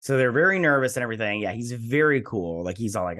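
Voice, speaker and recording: A man's voice: mid-range voice, animated, fast talker, bright, forceful tone. A man hosting a TV review show, recapping an episode in a rambling, enthusiastic way with lots of fillers and restarts.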